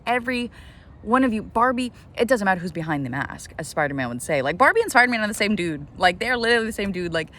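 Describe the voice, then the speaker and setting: A woman vlogging outdoors in the sun, rambling excitedly about her life, saying "like" constantly and swearing freely. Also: fairly low pitch. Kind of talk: casual self-talk vlog.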